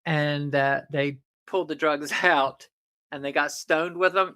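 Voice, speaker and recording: A man's voice: on the high side, steady tone, unhurried, bright, forceful tone. A man co-hosting a casual comedy podcast, teasing his co-host and acting exasperated at her jokes. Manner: teasing, mock-exasperated, keeps repeating her name.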